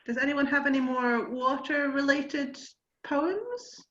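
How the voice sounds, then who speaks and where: A woman reading a song from a book aloud on a video call, gentle and slightly hesitant. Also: high-pitched, animated, slow pace. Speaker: reader. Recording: dull, roomy video call audio.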